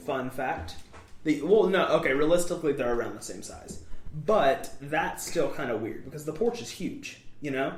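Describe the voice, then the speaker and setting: A man's voice: fairly high pitch, animated, normal speed. A young man co-hosting a casual podcast, rambling and upbeat, with lots of "like" and "um". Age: young adult. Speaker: podcast co-host. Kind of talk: casual chat. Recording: echoey room.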